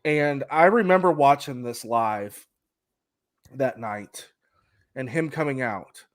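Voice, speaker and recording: A man's voice: mid-range voice, slow pace, no echo, clean studio sound. Rambling, hesitant male podcast co-host. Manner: rambling, hesitant, many restarts. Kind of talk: casual wrestling chat.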